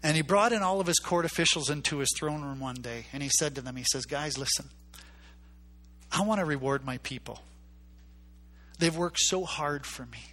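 Bright-voiced man preaching a story. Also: a little high, normal speed. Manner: acts out characters' voices, emphatic repetition. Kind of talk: sermon storytelling.

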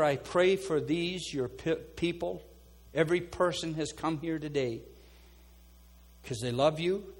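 A man preaching a sermon as pastor, calling people forward and then praying earnestly over them. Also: husky. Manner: earnest preaching, drops soft and low for quoted prayers. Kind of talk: sermon with altar call and prayer.

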